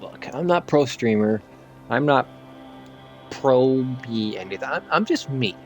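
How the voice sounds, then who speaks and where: A man's voice: medium pitch, animated, unhurried, darkish tone, soft background music. A man streaming while gaming, chatting in a rambling way and slightly slurring his words. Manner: rambling, full of "like" fillers. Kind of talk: casual live-stream chat while gaming.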